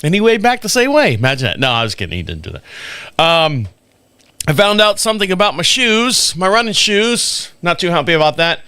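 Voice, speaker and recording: A man's voice: high voice, fairly quick, smooth, no echo. A man hosting a podcast live stream, telling stories in a casual way, chuckling and acting out the dialogue. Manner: animated, chuckles, acts out dialogue. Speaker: podcast host.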